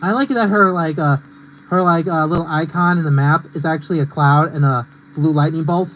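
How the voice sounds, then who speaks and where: High-voiced young man ranting while gaming. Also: steady tone, fairly quick, highs cut off, slight background noise. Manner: rambling and ranty, heavy on fillers. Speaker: game streamer. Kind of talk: casual live-stream gameplay commentary.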